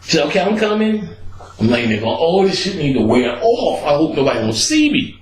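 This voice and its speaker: Casting note: podcast host, male, animated storyteller, roomy echoey sound. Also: brisk. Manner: animated, acts out quotes with big pitch jumps and laughter. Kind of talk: casual storytelling.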